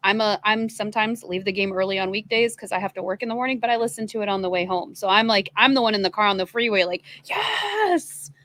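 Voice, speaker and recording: A woman co-hosting a casual baseball podcast, talking in an even-keeled, chatty way. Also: medium pitch, fast talker, few pauses. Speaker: podcast co-host. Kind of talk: casual sports chat.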